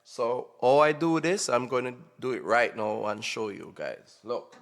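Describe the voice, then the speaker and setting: Man, mid pitch, slow and informal, explaining gear in a reverberant room. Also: animated, gravelly. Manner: slow, informal, repeats "right?" often. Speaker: drum tutorial presenter. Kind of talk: unscripted casual tutorial. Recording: long reverb in a hall-like room.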